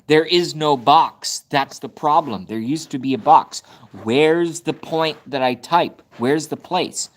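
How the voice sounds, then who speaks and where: A man hosting a casual live stream from his phone, ranting in frustration and swearing about his device. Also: fairly high pitch. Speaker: livestream host. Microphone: phone camera at arm's length.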